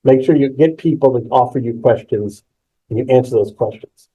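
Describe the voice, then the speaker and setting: A man presenting a live webinar on presentation skills, energetic and emphatic, repeating key words and reacting to the chat. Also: mid-range voice, moderate pace, breathy edge, highs cut off.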